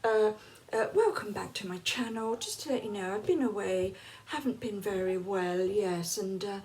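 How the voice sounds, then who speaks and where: A woman's voice: mid-range voice, normal speed, darkish tone, a little hiss or hum. An English woman in her late fifties, telling stories casually to camera in a chatty, laughing way. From England. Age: late 50s. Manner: chatty, laughs often, acts out quoted lines. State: unwell, feeling hot and cold. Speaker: vlogger.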